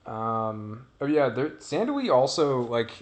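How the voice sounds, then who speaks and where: A man's voice: mid-range voice, very animated, a little slow. A man giving casual, rambling commentary over his own gameplay, drifting off topic and trailing off mid-thought.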